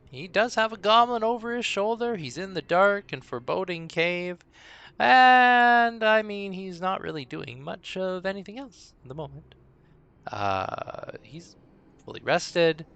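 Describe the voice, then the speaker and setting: Slow, gravelly, animated male streamer. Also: high-pitched, muffled recording. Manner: rambling, talks to himself between pauses. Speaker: dungeon master and streamer. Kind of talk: casual live-stream chatter.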